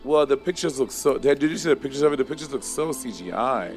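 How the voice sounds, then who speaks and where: A man's voice: mid-range voice, lively intonation, fast, soft background music. A man in his thirties co-hosting a casual chat, telling stories and swearing freely. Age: 30s. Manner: chatty storyteller, swears freely. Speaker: co-host.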